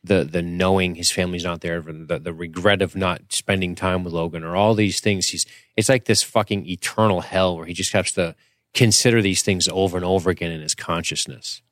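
Swearing, joking man, low dry voice. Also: fairly even intonation, a little fast, a bit bright, dry recording. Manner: profane, joking, reads scene lines aloud. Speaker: podcast co-host. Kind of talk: casual podcast chat recapping a TV episode.

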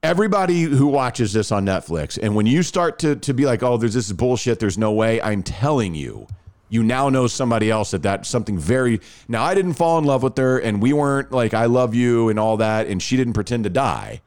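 A man telling a long story in casual chat, animated and full of restarts. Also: medium pitch, a little fast.

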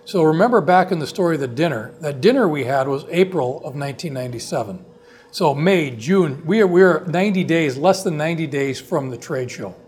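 A man, a company co-founder, tells a long business story in a relaxed conversation, often restarting his sentences. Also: fairly high pitch, brisk, husky. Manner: long rambling anecdotes with frequent restarts.

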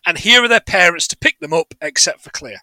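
Bright, sardonic man recapping a film. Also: fairly high pitch, lively intonation, a little fast, no echo. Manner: sardonic, sweary, laughs at his own jokes. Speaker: podcast co-host. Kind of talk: casual film recap chat.

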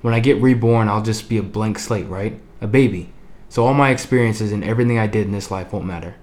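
A man doing a puzzled newly dead guy, asking questions, fairly low voice, amateur story read. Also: fast talker, darkish tone, natural voice. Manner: curious, questioning. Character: recently dead middle-aged man, bewildered.

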